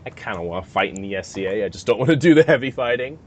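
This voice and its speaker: A man's voice: lowish voice, animated, rapid-fire. A man co-hosting a podcast in casual chat, talking hesitantly with many fillers and restarts. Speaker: podcast co-host.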